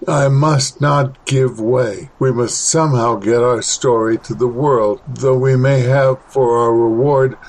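Male horror storyteller, mid-pitched voice, measured, dramatic reading. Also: fairly even intonation, a little mellow. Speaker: podcast host and reader. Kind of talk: scripted horror story narration.

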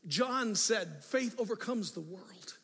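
Animated older pastor, husky voice. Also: male voice, high voice, slow. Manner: animated, swings from hushed asides to loud emphatic passages. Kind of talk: sermon. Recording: reverberant hall.

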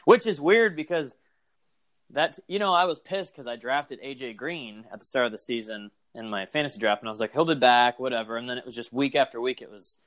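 A man's voice: mid-range voice, fairly quick, fairly bright tone. Male podcast co-host, loose and rambling, acts out quotes, casual talk. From Arkansas. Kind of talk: casual chat.

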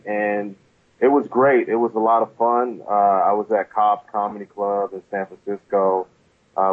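A man who is a stand-up comedian, a podcast guest talking in an easygoing, modest way with halting restarts. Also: medium pitch. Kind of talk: casual interview chat. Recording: tinny phone line.

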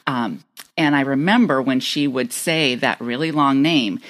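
A woman's voice: very deep voice, a little slow. A woman co-hosting a podcast, reflectively sharing a childhood book memory in casual chat. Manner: reflective, storytelling. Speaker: podcast co-host.

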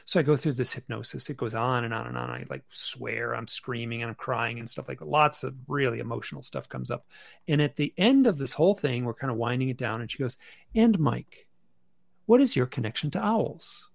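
A man speaks over a video call from his bedroom, his voice gravelly with a bit of fry. He tells his story casually and haltingly, restarting phrases and filling gaps with "um". The sound is dry and close, with no room around it. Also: mid-range voice, expressive, no echo. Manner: halting, many restarts and fillers. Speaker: podcast guest. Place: bedroom at home.

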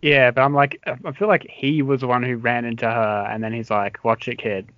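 A man's voice: medium pitch, fairly even intonation, moderate pace, no room sound. Easygoing man bantering on a podcast. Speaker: podcast co-host. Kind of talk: casual chat. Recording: dull lo-fi sound.

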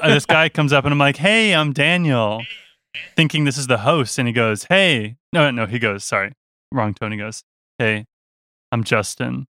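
A young man, a touring musician, telling a story in an animated, casual way with lots of restarts and laughs. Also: medium pitch, normal speed, no room sound.

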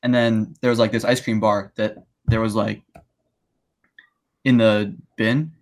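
A man's voice: lowish voice, little pitch movement, unhurried, darkish tone. A young man in his late teens on a casual podcast, telling an anecdote with lots of "like" and fillers. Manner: filler-heavy anecdote telling, laughs along. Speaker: podcast co-host. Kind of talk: casual chat.

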